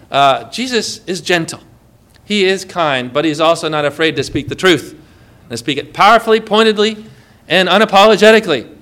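A man preaching a sermon in an animated way, often putting questions to the congregation. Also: sits high, a little fast. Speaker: pastor.

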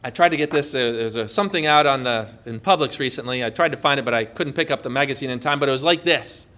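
A man's voice: medium pitch, fast, bright, forceful tone. A man preaching a sermon as pastor, emphatic and often putting questions to the congregation.

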